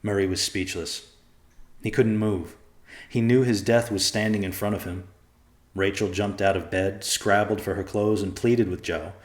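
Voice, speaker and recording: A man narrating a dark story in a steady, dramatic audiobook reading, recorded in an echoey room. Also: fairly low pitch, moderate pace.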